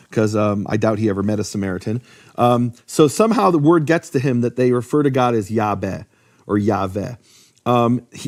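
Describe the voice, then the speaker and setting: A man teaching in casual talk, lively, with many fillers and restarts. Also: medium pitch. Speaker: Bible teacher.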